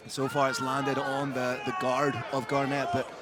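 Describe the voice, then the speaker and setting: A man's voice: mid-range voice, monotone, normal speed, heavy background noise. A man giving live fight commentary, breaking down technique and tactics as the action unfolds. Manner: analytical, explains technique and tactics. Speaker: MMA commentator. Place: open-air arena event. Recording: loud arena crowd behind.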